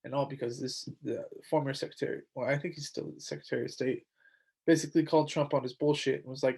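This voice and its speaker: A man's voice: medium pitch, fairly even intonation, quick pace, vocal fry, darkish tone, husky. A young man hosting a podcast alone, rambling and indignant, with lots of fillers and restarts, saying he is tired. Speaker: podcast host. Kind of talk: casual solo commentary.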